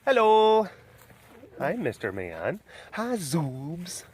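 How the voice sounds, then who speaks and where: A man's voice: medium pitch, animated, unhurried, a bit bright. A bubbly man recording a casual outdoor walk-around vlog at a big cat sanctuary. He chats with the viewers and baby-talks to the cats. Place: outdoors at an animal compound.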